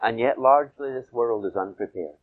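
A man preaching a sermon, swinging from loud emphatic peaks to soft low asides and stretching key phrases. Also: fairly quick, phone-quality sound.

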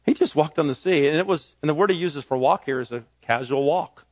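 Male pastor mid-sermon with a high voice; punchy declarations and hushed asides, dull close recording. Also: fairly quick, dry recording. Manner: emphatic preaching, swinging between ringing declarations and soft low asides.

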